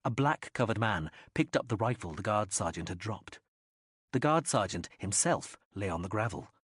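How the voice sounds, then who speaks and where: Guy reading an audiobook, lively up and down, slightly husky, dry close mic. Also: lowish voice, moderate pace, no echo. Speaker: audiobook narrator. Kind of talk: scripted narration.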